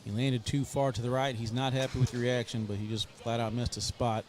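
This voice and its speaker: A man's voice: mid-range voice, little pitch movement, brisk, slight background noise. A man giving live play-by-play commentary on a cornhole match, chatty and joking between plays. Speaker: sports commentator.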